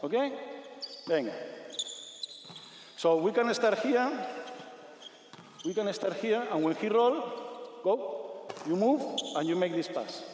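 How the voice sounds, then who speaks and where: Male coach, energetic drill commands, faint ball bounces under roomy arena reverb. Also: sits high, takes it slowly, long pauses, a little hiss or hum. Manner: energetic, repetitive commands, non-native English. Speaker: basketball coach. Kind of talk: on-court coaching demonstration. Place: large sports arena. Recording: echoey arena from a distance.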